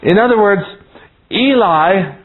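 Leading a Bible class, this man tells a meandering story, often chuckling and starting over, in the manner of a folksy storytelling sermon. His voice is high and animated, and he speaks slowly. The audio has a tinny, phone-like quality.

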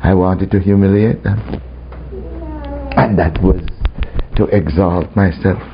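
A man's voice: low-pitched, fairly even intonation, slow, slight background noise. A man preaching a testimony sermon to a congregation, telling his story and laughing often. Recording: muffled recording with faint ambience.

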